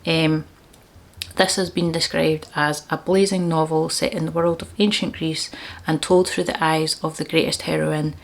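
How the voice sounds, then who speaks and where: A woman's voice: sits low, flat delivery, moderate pace, gravelly. A woman vlogging about books, chatty and enthusiastic, with frequent laughs. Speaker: book vlogger. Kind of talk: casual book chat.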